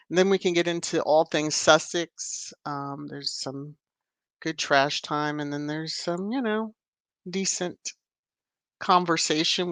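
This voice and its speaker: Woman host, casual playful livestream chatter, slow unhurried delivery, dry close mic. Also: deep voice, fairly bright tone, no room sound. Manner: playful, chatty, laughs often. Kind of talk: casual live-chat talk.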